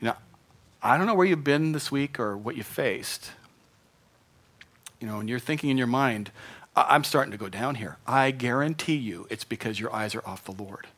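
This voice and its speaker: Delivering a sermon at normal speed, this middle-aged pastor sounds animated, bright and forceful, with a typical male pitch. He keeps things earnest and conversational while repeatedly surging into emphatic outbursts.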